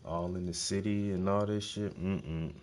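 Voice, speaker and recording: Blunt, profane man with a deep voice. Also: steady tone, measured pace, darkish tone. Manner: profane, blunt, emphatic, repeats words. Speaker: host. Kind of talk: casual monologue.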